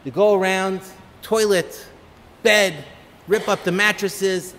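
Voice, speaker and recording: A man, a rabbi, giving an inspirational holiday talk full of lively, humorous stories. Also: sits high, unhurried, slight background noise. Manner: animated, humorous storyteller. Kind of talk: motivational holiday talk with storytelling. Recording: long reverb of a hall.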